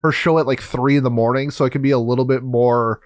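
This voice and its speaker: A man co-hosting a casual anime podcast, talking in an animated, rambling way with many fillers. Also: medium pitch, fast, dry recording, studio quality. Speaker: podcast co-host. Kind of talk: casual chat.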